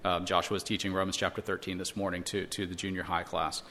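A man's voice: low-pitched, flat delivery, quick pace, sharp tone, slight background noise. A man teaching a church Bible lesson, earnest and explanatory, using rhetorical questions and frequent restarts.

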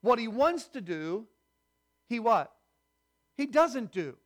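A man's voice: very high-pitched, big pitch swings, slow. A man preaching a sermon as pastor, teaching and asking the congregation rhetorical questions. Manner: prayerful and hushed when praying.

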